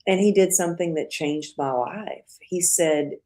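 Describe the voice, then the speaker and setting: A middle-aged woman, a podcast guest, telling a personal story in a casual, animated way and acting out the quotes. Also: low-pitched, unhurried, few pauses.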